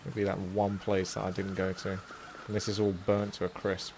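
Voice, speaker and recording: A man's voice: deep voice, completely flat delivery, a little fast, darkish tone, a little hiss or hum. A man streaming a game live, chatting casually with rambling asides and a slight sore throat. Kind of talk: live gameplay commentary.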